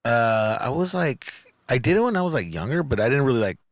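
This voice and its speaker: A man in his thirties tells stories on a podcast in a loose, profane way, laughing as he goes and acting out the voices of the people in them. His pitch is mid and swings widely. The sound is dry. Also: sing-song, brisk, dry recording. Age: 30s. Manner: laughs often, swears freely, acts out voices in stories. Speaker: podcast guest. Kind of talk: casual storytelling chat.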